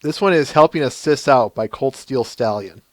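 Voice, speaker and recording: A man's voice: medium pitch, normal speed, no room sound. A man with a Minnesotan accent hosting a casual live-stream podcast, chatty and laughing, often restarting his sentences. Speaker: podcast host.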